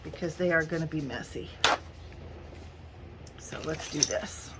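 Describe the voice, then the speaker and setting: A woman's voice: sits low, measured pace, noisy background. A middle-aged woman, chatting casually and giggling through a haul video at home. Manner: chatty, giggly, addresses viewers as y'all. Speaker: crafting vlogger.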